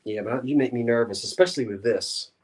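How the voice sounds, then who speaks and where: A man chats casually on an antiques show, explaining vintage glass pieces in detail. His voice sits at an ordinary middle pitch and sounds relaxed and conversational. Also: fairly quick, slight background noise. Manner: chatty, explains collectibles in detail.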